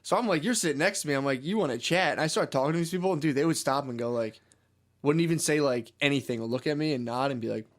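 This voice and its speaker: A man talking at a quick clip as he co-hosts a loose comedy podcast. He rambles through stories and peppers nearly every sentence with "dude" and "bro". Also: mid-range voice. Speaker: podcast co-host. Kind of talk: casual comedy podcast banter.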